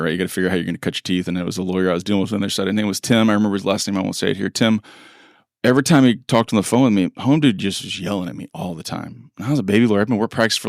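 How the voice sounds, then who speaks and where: A lowish-voiced middle-aged man co-hosts a podcast, telling stories in a relaxed, conversational way. He plays out quoted dialogue with animation and laughs often, recorded in studio quality without echo.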